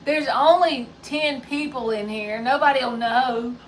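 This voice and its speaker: Chatty higher-voiced woman, a bit off-mic. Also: measured pace, distant mic, rough recording. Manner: chatty and joking, relays off-mic remarks. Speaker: tarot reader hosting a live stream. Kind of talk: casual live-stream chat with viewers. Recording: voice a bit off-mic, faint background noise.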